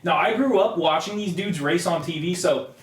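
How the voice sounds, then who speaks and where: A man's voice: sits high, normal speed. Young man telling profane stories, echoey room. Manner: profane, rambling storytelling. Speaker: podcast co-host. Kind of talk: casual chat.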